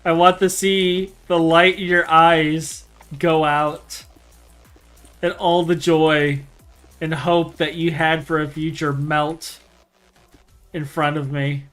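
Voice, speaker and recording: A man's voice: fairly high pitch, level tone, a bit bright, clean tone, faint music behind. A man hamming up a gloating villain. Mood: mock menacing. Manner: slow, mock-theatrical villain speech. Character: gloating cruel man relishing a friend's despair.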